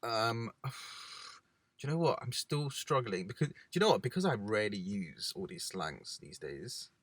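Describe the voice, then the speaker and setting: A man's voice: lowish voice, expressive, moderate pace, a bit bright, no room sound. A young man co-hosting a casual chat, laid-back and chatty, sometimes slipping into slang voices. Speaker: podcast co-host. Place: parked car.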